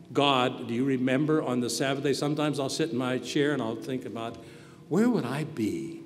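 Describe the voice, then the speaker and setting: A man giving a sermon as pastor, earnest, moving between quiet reflection and loud emphasis. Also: medium pitch. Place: church hall. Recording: reverberant hall with faint background noise.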